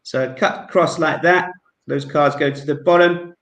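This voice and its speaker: A guest amateur magician from England, speaking with a London accent, performs a card trick over a video call and politely, warmly narrates each move. His voice is a little high with fairly even intonation, a moderate pace, and a fairly bright tone. The recording is low quality and sounds roomy.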